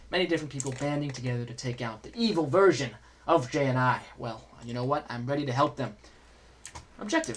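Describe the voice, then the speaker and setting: A man streaming a video game, chatting and joking casually as he plays and answers chat. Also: fairly high pitch. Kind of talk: casual gameplay commentary.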